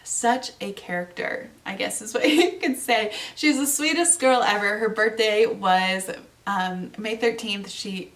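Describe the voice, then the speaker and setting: A woman's voice: on the high side, fairly bright tone, far from the mic. A woman in her twenties hosting her own podcast, chatting casually and bubbly with plenty of fillers. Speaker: podcast host. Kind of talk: casual solo podcast chat.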